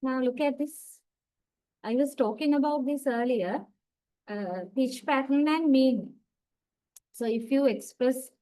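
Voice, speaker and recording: A woman lecturer giving an online class, explaining slowly with many fillers. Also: high voice, darkish tone, poor audio. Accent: South Asian English.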